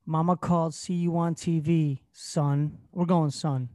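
A man playing a casual lyric-guessing game, excitable, swearing and now and then bursting into shouts. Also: on the high side, measured pace, no room sound, clean studio sound. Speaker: contestant.

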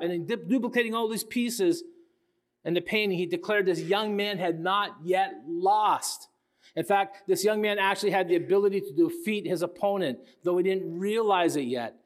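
Guy in his 60s preaching, earnest, bit high voice, keeps repeating himself and asking the crowd stuff. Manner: earnest, repeats key phrases, asks the congregation questions. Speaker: pastor. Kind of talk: sermon.

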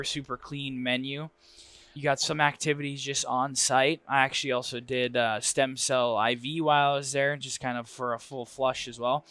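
Smooth-voiced man telling a story. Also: medium pitch, dry recording. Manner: lively, animated storyteller with frequent fillers. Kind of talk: personal storytelling.

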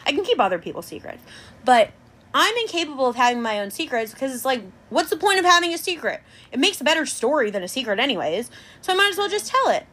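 A young woman hosting a podcast, telling a dating story in an animated, chatty way. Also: high voice, fast talker. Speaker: podcast host. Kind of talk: casual chat.

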